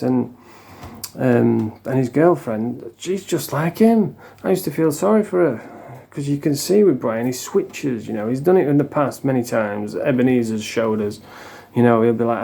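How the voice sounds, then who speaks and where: A man's voice: medium pitch, gravelly, warm tone. A middle-aged man ranting casually to camera as the host of a commentary channel, blunt and scornful, swearing freely and restarting his sentences.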